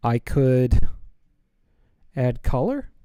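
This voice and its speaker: Chatty male streamer sketching live. He wanders between thoughts playfully, with a smooth, dry, close sound. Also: medium pitch, very animated, very slow, dark tone, no echo. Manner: rambling, playful, thinks aloud. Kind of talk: casual live-stream chat while drawing.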